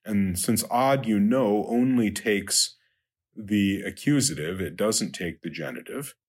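A man teaching a Latin lesson, working through numbered exercises in a halting way with many ums and uhs. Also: on the low side. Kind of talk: recorded lecture walking through exercises.

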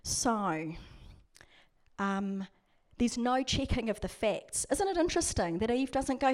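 A woman's voice: fairly high pitch, expressive, unhurried, darkish tone. A woman, preaching a sermon as a prison chaplain in a conversational, storytelling way. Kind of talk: sermon with scripture reading.

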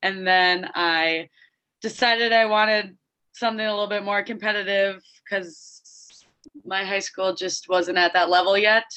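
A woman's voice: medium pitch, steady tone, a little slow, pushed and bright, dull audio. A young woman from Minnesota, a hockey player guest on a podcast, telling stories in a chatty way with frequent laughter. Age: young adult. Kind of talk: casual podcast interview.

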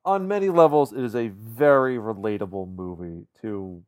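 A man co-hosting a casual film podcast, agreeable and relaxed, steering toward the closing question. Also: fairly low pitch, normal speed. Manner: relaxed, agreeable, wraps up segments. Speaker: podcast co-host.

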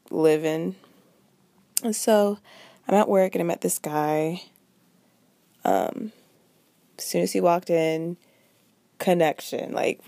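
A woman's voice: lowish voice, creaky, warm tone, no room sound. A woman of twenty-one, a little sick with a stuffy voice, chatting casually in a vlog and saying "like" a lot. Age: 20s. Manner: chatty, lots of "like". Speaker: vlogger.

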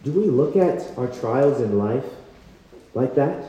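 A young man preaching a passionate sermon at a campus retreat, telling a personal story with lively quoted voices. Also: mid-range voice, takes it slowly. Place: large hall at a retreat. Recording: echoey hall, dull sound.

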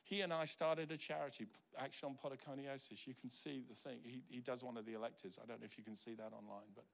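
Man, middle-aged, pastor, from New Zealand, sermon, storytelling, acts out dialogue, mid-pitched voice. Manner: storytelling, acting out quoted dialogue; drops to a soft, quiet voice for tender moments.

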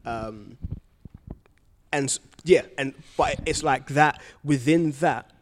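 Casting: male podcast co-host, measured and thoughtful, faint hiss behind. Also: mid-range voice. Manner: thoughtful, measured, searching for words. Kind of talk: casual discussion.

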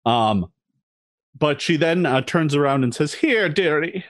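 A man's voice: medium pitch, unhurried, dry recording, studio quality. A man narrating as game master of a tabletop game, descriptive and hesitant, full of ums and restarts.

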